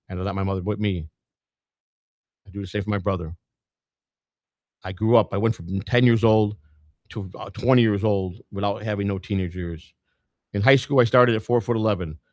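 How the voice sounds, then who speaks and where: Low-voiced blunt middle-aged man. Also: steady tone, brisk, pauses often, no room sound, clean studio sound. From Chicago. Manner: blunt, plain-spoken, repeats words as he goes. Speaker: presidential candidate and podcaster. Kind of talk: casual storytelling monologue.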